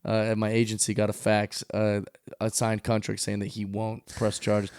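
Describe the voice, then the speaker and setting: Animated man telling a story, dry sound. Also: fairly low pitch, moderate pace, clean tone, dry recording. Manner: animated, acts out quoted voices. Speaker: comedian guest. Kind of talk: casual podcast storytelling.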